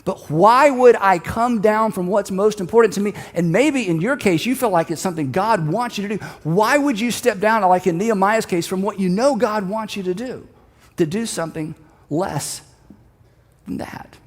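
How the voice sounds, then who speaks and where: A man's voice: sits high, normal speed, in a large hall. A man preaching a sermon, retelling a scripture story earnestly and leading listeners to repeat a line together. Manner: earnest, storytelling, leads congregation in call-and-response. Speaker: pastor.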